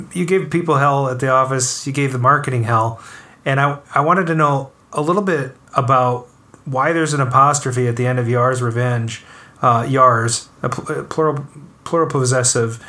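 A man's voice: mid-range voice, bright, forceful tone. A man hosting an interview, laughing along and asking long questions with some fillers. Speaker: interviewer, podcast host.

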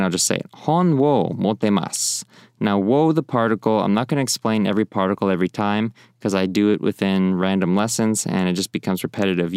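A man with a lowish, smooth voice gives a casual language lesson. He rambles between points and slows down to repeat example phrases. The sound is close and dry. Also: no room sound. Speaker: language teacher.

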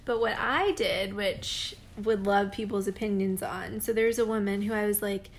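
A young woman co-hosting a podcast, chatting casually and telling animated stories with acted-out quotes. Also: medium pitch, moderate pace. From Boston area. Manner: animated storytelling, acts out quotes, laughs often. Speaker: podcast co-host. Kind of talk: casual chat.

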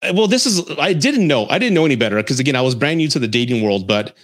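A man's voice: mid-range voice, fast talker. Blunt man telling a wild story. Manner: animated, blunt, swears freely. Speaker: podcast host. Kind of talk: storytelling and dating advice.

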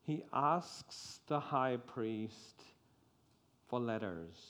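A man preaching a sermon, speaking slowly with frequent repeated restarts. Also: mid-range voice, animated, fairly bright tone.

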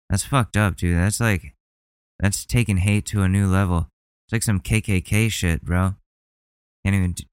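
A man with a low, smooth voice, reacting out loud to clips in casual commentary. He rambles and swears, openly indignant. The sound is dry and close, with no room around it. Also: dry recording. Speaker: commentary host.

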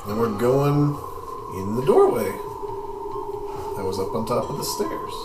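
A man's voice: mid-range voice, big pitch swings, measured pace. Echoey chatty let's play guy. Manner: chatty, describes the action. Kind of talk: casual game narration. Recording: echoey room, distant mic, faint music.

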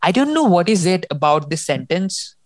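Low, emotional woman recapping a book. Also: sing-song, normal speed, dry recording. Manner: emotional, restarts and gushes about the story. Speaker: podcast co-host. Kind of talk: casual book discussion.

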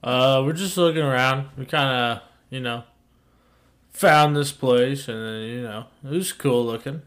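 A man's voice: mid-range voice, a little slow, fairly bright tone. A man playing in a tabletop game, making up excuses in an easygoing, casual way. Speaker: player. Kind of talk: casual in-character banter.

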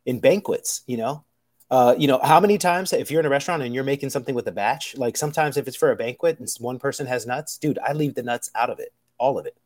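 A man's voice: medium pitch, fast. Rambling, profane male chef. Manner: animated, rambling, profane, many fillers and restarts; acts out kitchen dialogue in quoted voices. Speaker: professional chef. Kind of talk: casual rant to camera.

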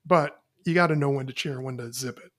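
A man's voice: mid-range voice, quick pace, fairly bright tone. A man with a mid-range voice, talking plainly about college football. He keeps his points blunt and matter-of-fact in a casual back-and-forth. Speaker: podcast co-host. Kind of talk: casual sports chat.

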